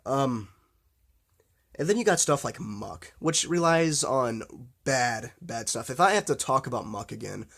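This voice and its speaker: A man's voice: mid-range voice, lively intonation, a little slow, gravelly, a bit bright. Rambling, swearing man talking horror films. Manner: rambling, full of fillers and restarts; blunt and profane. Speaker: horror film vlogger. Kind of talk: casual unscripted film talk.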